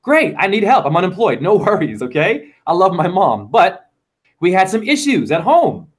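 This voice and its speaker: Animated man in his forties, high lively voice. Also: normal speed, breathy edge. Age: 40s. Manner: animated storytelling, acting out voices of others. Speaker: guest teacher. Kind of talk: casual conversation.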